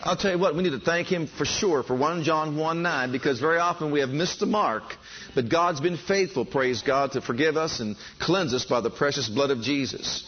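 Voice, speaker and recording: A man's voice: fairly high pitch, normal speed. A man preaching a sermon, fervent and building enthusiasm, calling on his listeners to respond. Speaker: pastor. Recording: dull lo-fi sound.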